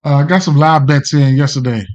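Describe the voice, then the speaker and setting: A man's voice: fairly high pitch, brisk. A man hosting a sports betting livestream, chatting casually in a loose, rambling, slangy way and greeting viewers by name. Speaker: sports betting podcast host. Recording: dull lo-fi stream audio.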